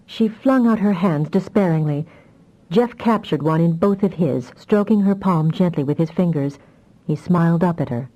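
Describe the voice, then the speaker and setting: A woman narrating a fantasy audiobook in a measured, even storytelling manner. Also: fairly low pitch, poor audio.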